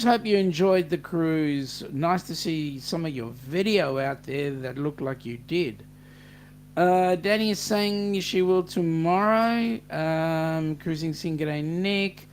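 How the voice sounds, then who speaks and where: Over slight background noise, a fairly high-pitched Australian man hosts a casual live-stream chat. He's chatty, reading viewer comments aloud and greeting each person by name with a g'day.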